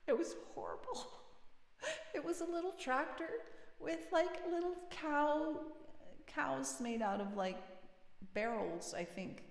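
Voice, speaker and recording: A woman hosting a livestream, chatting casually between songs, gentle and encouraging, laughing as she tells a story. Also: high voice, slow, creaky. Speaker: livestream host and singer-songwriter. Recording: roomy echo with long reverb, faint guitar.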